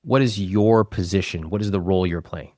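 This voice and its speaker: A man with a fairly low voice hosts a personal finance conversation. He asks calm, probing questions and turns guests' words back at them. The sound is dry and close. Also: brisk, dry recording. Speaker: host, financial advisor.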